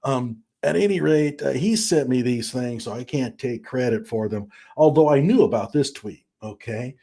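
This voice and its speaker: Husky, mellow-voiced man hosting a stream. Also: mid-range voice, lively intonation, moderate pace. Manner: chatty and mocking, with frequent laughs and fillers. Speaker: live stream host. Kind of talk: casual commentary on a live stream.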